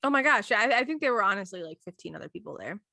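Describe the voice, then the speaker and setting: Casting note: young woman, bright and animated, swoops all over her range telling a funny story, dry close sound. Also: medium pitch, very fast, gravelly, no room sound. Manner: animated, acts out quoted voices, giggly. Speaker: podcast co-host. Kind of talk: casual storytelling chat.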